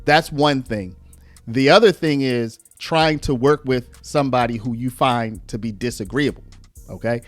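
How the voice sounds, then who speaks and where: A man's voice: medium pitch, normal speed, no echo, soft background music. A man hosting a casual commentary video, talking to viewers and acting out quoted speech in a raised voice. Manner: lively, conversational, uses "y'all", acts out quotes in raised voice.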